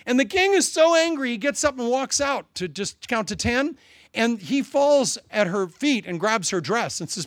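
A male pastor preaching a sermon with animated, dramatic storytelling. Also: high voice, moderate pace, no echo.

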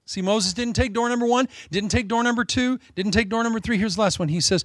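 A man preaching a sermon in an animated, joking way. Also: high-pitched, fast talker, few pauses, no room sound, studio quality. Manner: animated, joking, with frequent laughs.

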